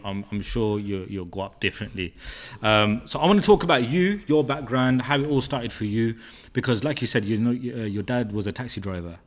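A man hosting a podcast interview, agreeable and encouraging, asking his guest about his background. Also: lowish voice. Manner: agreeable, lots of short backchannels. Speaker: podcast host.

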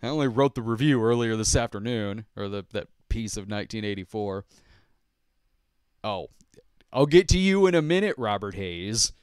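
A man in his fifties hosts a casual podcast chat. His voice sits on the low side and sounds smooth and resonant against a dry, close sound. He rambles through viewer questions in a self-deprecating way and chuckles often. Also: lively intonation, normal speed, a little mellow, no echo. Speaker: podcast host and movie reviewer.

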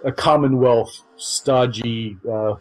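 A man's voice: medium pitch, steady tone, takes it slowly, a little mellow, soft background music, poor audio. A man co-hosting a podcast in casual chat, rambling through explanations with many restarts. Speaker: podcast co-host.

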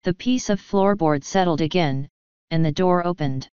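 A woman narrating an audiobook in a measured, even reading. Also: fairly low pitch, clear, resonant tone, dry recording, lo-fi sound. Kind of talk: scripted narration.

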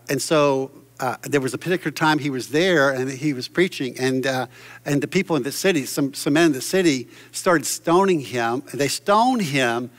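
A man's voice: medium pitch, a bit bright, big-room sound. A man preaching a sermon from a church stage, fervent and exclamatory, often restarting his sentences. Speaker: pastor.

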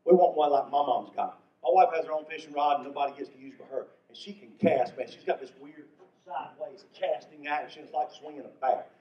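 A man's voice: on the high side, fast talker. An older man from North Carolina, telling stand-up comedy stories in a folksy way. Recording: echoey venue from far off, muffled.

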